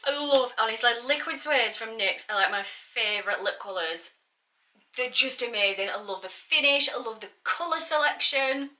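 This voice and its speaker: A woman's voice: fairly high pitch, lively intonation, normal speed, bright, forceful tone. A woman giving a bubbly, chatty makeup tutorial and talking straight to her viewers. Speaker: beauty vlogger.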